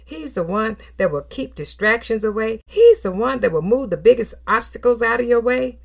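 A middle-aged woman preaching a sermon in an expressive, animated way, with affirming hums and laughter. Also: on the high side, normal speed, creaky.

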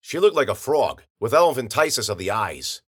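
A man narrates a gritty first-person tale in slangy, rough-grammared speech. His voice is bright and forward. He rides wide, animated pitch swings through the telling. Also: fairly quick. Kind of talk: hard-boiled first-person story narration.

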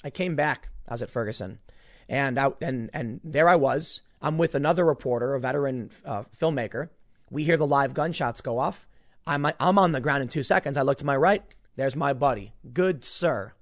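A man's voice: medium pitch, moderate pace. A man hosting a commentary show, ranting in an emphatic, exasperated way and repeating words as he heats up.

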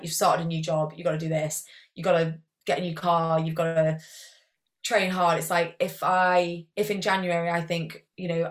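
A young woman, chatting as a guest athlete in a casual interview, rambling and peppering her talk with "like". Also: lowish voice.

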